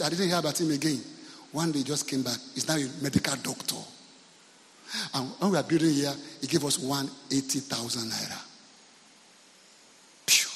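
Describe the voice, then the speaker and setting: Nigerian male pastor, story-driven humorous sermon, slightly high voice, echoing church hall. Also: fairly bright tone. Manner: storytelling, humorous, asks the congregation questions.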